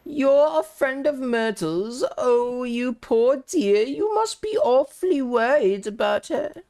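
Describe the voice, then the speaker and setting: A woman's voice: high voice, lively intonation, slow, warm tone, voice pushed up, exaggerated voice. A woman voicing a gossipy, kindly old female neighbor who gets sentimental and fussy. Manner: fussing, sentimental, quavering.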